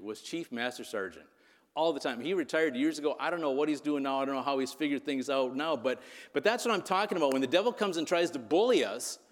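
This pastor tells a story during a conversational sermon, frequently tossing in "right?" to check with listeners. His voice sits on the high side, with a big-room sound.

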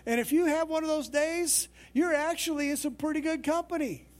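A man's voice: extremely high pitch, fairly quick. A male pastor preaching a sermon in a conversational, storytelling way.

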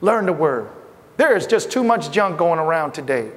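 A middle-aged man from Asia preaches in a high voice, talking with the congregation as if in conversation. His words ring out with a long reverb from a church hall. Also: big pitch swings, normal speed. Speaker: pastor. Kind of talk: sermon.

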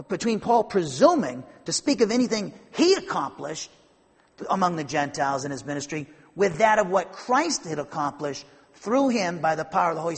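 A man's voice: sits high, slightly rough, in a large hall. A man preaching a conversational Bible-teaching sermon, rambling and repeating himself, then building to emphatic fervor.

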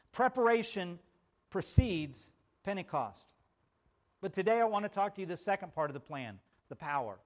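A male pastor preaching a sermon, telling stories and calling out to the congregation, swinging from loud, emphatic phrases to hushed asides. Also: high-pitched. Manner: storytelling with audience call-outs.

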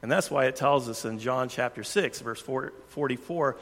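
A man preaching a sermon, earnest, shifting his pace and loudness for emphasis. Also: medium pitch, normal speed, hardly any pauses. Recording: long hall reverb.

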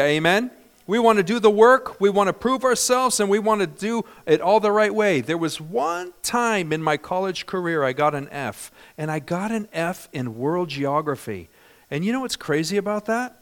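A middle-aged man from California preaching a sermon, lively and humorous, often asking the congregation questions. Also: on the high side. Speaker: pastor.

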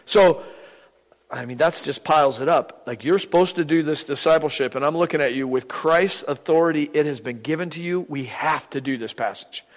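An older man delivering a sermon, chatty and wry, acting out small stories as he goes. His voice sits a bit high for a man, and it hangs in the long reverb of a church hall. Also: normal speed. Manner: humorous, conversational preaching with acted-out anecdotes. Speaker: visiting preacher. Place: church sanctuary.

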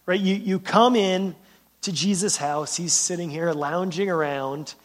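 Speaking a little slowly in a high-pitched voice, a man preaches as a pastor in a conversational style. He keeps tagging lines with "right?" and repeats words at the start of sentences.

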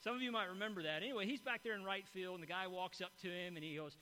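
A man's voice: high-pitched, rapid-fire, few pauses, pushed and bright, a little hiss or hum, poor audio. A middle-aged man preaching a sermon to a congregation, in a conversational, storytelling manner with frequent "right?" asides. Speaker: pastor. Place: church hall before a congregation.

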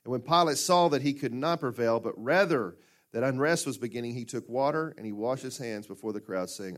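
A man preaching a sermon as pastor, talking plainly and conversationally, then breaking into sudden loud bursts. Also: medium pitch, brisk. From United States. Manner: conversational and plainspoken, with fillers and restarts.

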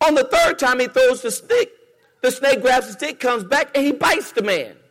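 A man's voice: very high voice, lively intonation, normal speed, fairly bright tone, in a large hall. A man preaching a sermon in a church, rhythmic and repetitive, calling on the congregation to respond. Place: church sanctuary.

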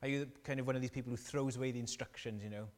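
A man delivers a sermon in a church hall. He tells the story with animation and keeps asking his listeners questions. His voice sits at a middle pitch and rings out with a long reverb. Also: steady tone, racing. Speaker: preacher.

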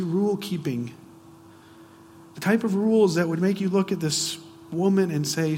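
A man preaching a sermon, asking the audience frequent rhetorical questions and swinging between hushed and loud, emphatic delivery. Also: sits high, unhurried, slight background noise. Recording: long reverb of a large hall.

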